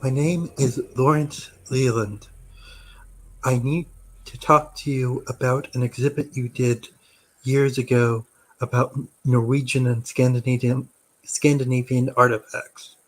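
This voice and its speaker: A man's voice: mid-range voice, fairly even intonation, unhurried, a little hiss or hum, poor audio. Earnest man player in character. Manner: earnest and urgent. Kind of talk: in-character pleading.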